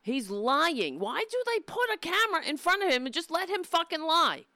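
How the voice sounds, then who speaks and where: A woman's voice: extremely high pitch, moderate pace, no echo, studio quality. A woman hosting a live political commentary stream, exasperated, mocking and swearing often. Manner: profane, exasperated, mocking, animated.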